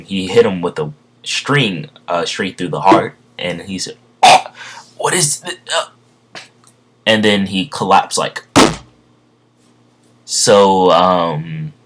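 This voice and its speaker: A man casually retelling a story off the cuff, rambling and halting, with many fillers and self-corrections. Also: deep voice, fairly bright tone, slight background noise. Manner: stumbles over words. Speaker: fan storyteller.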